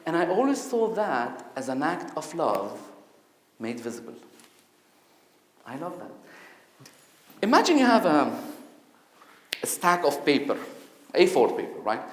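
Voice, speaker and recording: Animated storytelling man in an echoey hall. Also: fairly high pitch, a little slow, long pauses. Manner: animated, acts out voices with sudden loud outbursts. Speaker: conference speaker. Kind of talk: personal storytelling talk. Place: conference hall.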